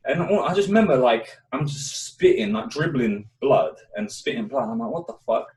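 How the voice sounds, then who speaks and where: A man's voice: medium pitch, normal speed, distant mic. A young man, co-hosting a casual chat show and telling a story with lots of swearing. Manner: swears a lot, animated storytelling. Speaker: podcast co-host. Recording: echoey room, away from the mic.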